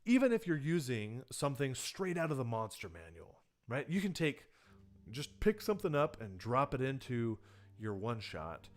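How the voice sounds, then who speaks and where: Lively man teaching horror game writing. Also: medium pitch, normal speed. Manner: animated, often acting out players' reactions; loose and conversational, with many fillers and restarts. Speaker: tabletop game design teacher. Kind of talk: livestreamed workshop talk.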